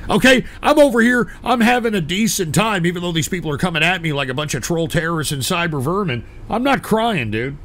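A man hosting a comedic call-in show, swearing, shouting and ranting in exasperation at his callers. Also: a little high, lively intonation, fast, few pauses, a little hiss or hum.

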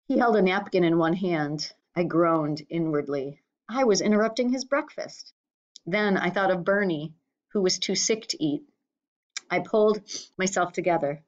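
A woman's voice: on the low side, moderate pace. Woman reading a novel aloud. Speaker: reader. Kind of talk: audiobook reading of a novel for students. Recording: slightly dull lo-fi recording.

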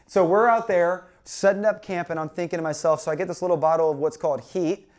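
A young man preaching, telling a funny story about himself in a lively way and acting out his own panic. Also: high voice, fast talker. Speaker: pastor. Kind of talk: storytelling sermon.

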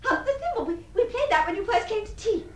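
Brief: high, very animated refined, lonely fantasist in a radio play, breathy and giddy. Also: female voice, quick pace. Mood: confused, insistent. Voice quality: refined, swings between breathy tenderness and giddy excitement. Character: deluded lonely upper-class spinster dreaming of marriage. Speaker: the Princess. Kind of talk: radio drama acting.

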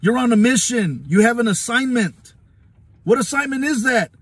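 High-voiced husky man preaching. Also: expressive, moderate pace, fairly bright tone, no echo. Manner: fervent, repeats words, rhetorical questions, laughs often. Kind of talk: impassioned phone-recorded Bible devotional. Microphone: phone camera.

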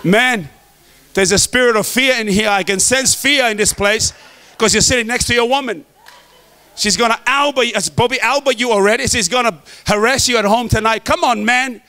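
High, bright-voiced pastor. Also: male voice, moderate pace. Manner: emphatic, joking, preaching to the men. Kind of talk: sermon.

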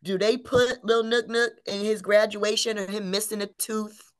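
A woman co-hosting a business webinar, explaining branding in a casual, animated way and asking rhetorical questions. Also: medium pitch, moderate pace. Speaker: webinar co-host.

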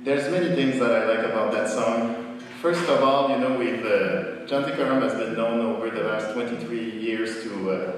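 A man with a Québécois French accent, a folk musician out of breath, chatting playfully and haltingly from the stage between songs. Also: mid-range voice, a little hiss or hum. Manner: halting and playful, laughs often. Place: outdoor festival stage. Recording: echoey hall-like PA sound from far off.

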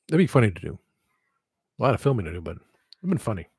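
Husky man rambling on a livestream. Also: lowish voice, big pitch swings, fast talker, darkish tone, dry recording. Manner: rambling, digressive, self-deprecating. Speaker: livestream host. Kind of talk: casual livestream chat.

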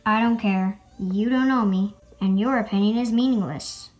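A woman's voice: medium pitch, moderate pace, a little mellow. A young woman reading out hate comments and answering them in a sarcastic, mock-offended way. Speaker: LPS video creator reading hate comments. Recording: faint music behind.

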